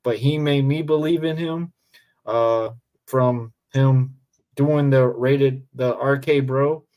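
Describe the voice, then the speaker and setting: A man's voice: mid-range voice, fairly even intonation, takes it slowly, darkish tone. A man, a pro wrestler guesting on a podcast, chatting casually and enthusiastically, rambling and often saying "man.".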